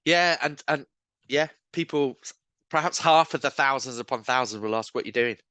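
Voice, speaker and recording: Casting: male guest, mid-pitched, dry close sound, spins funny faith anecdotes. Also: moderate pace, clear, resonant tone, no room sound. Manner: animated, self-mocking anecdotes. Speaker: guest, street evangelist. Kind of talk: casual storytelling chat. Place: pub bar.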